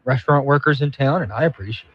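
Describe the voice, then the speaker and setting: A man's voice: medium pitch, fast. A man co-hosting a talk radio show, bantering in a joking, self-mocking way. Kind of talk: casual radio chat. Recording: slightly dull, dry studio broadcast audio.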